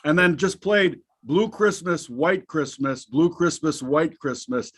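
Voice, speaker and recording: A man's voice: on the high side, lively intonation, a little slow, a bit bright, slightly rough. A man hosting a casual market show, joking and cursing freely. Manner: jokey, profane banter. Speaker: host.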